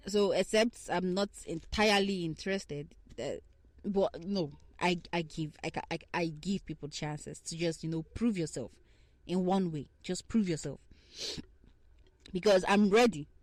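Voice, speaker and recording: A young woman hosting a casual talk on relationships, swinging between hushed asides and heated rants. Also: medium pitch, no echo. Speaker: podcast host.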